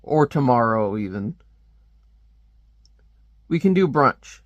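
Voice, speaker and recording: A man's voice: mid-range voice, lively intonation, slow pace, dry recording, muffled recording. A man voicing a flustered, polite teenage girl from a comic who nervously deflects unwanted advances. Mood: uneasy polite.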